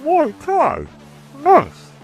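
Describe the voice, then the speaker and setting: A man voicing a huge, calm, menacing male brute fighter in a strained, high, slow, patronizing voice. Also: gravelly, soft background music, full character voice. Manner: soft, patronizing, slow and drawn out.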